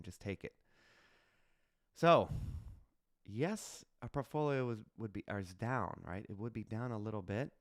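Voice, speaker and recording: A man hosting his own finance channel, walking through an investment plan in a casual, animated way, often checking in with "right?" and joking at his own expense. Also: mid-range voice, dry recording, clean studio sound. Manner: animated, asks "right?" often, jokes at himself.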